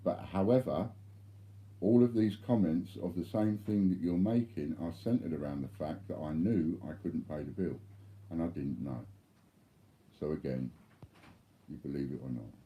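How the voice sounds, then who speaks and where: A man's voice: rumbling low, normal speed, warm tone. A man replying bluntly to viewer chat during a live stream, swearing freely.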